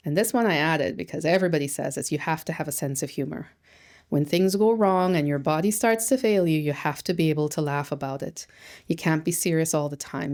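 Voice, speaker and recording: A woman therapist and social worker giving an educational talk, emphatic and lively, asking rhetorical questions and acting out quotes. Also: sits low. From Canada.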